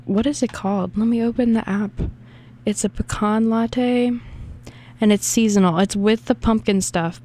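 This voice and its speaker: Her mid-range voice has a darkish tone, and her accent marks her as a young woman from the American South. Between songs on the radio she rambles and chats casually, often poking fun at herself as the DJ.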